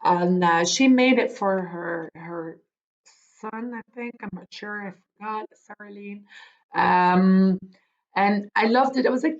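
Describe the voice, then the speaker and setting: A woman's voice: medium pitch, a little slow. Rambling woman, lo-fi. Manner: rambling, many ums and restarts. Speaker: podcast host. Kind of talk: casual knitting podcast chat.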